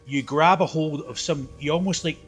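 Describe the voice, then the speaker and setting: A man narrating a tabletop game as game master, lively and laughing often, with loose asides. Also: fairly high pitch, normal speed, faint music behind.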